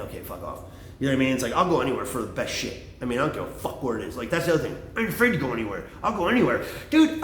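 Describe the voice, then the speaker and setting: A man's voice: a little high, fairly bright tone, a little hiss or hum. A middle-aged man telling a meandering, profane story in a casual monologue, drifting off on tangents, recorded on a phone. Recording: echoey room.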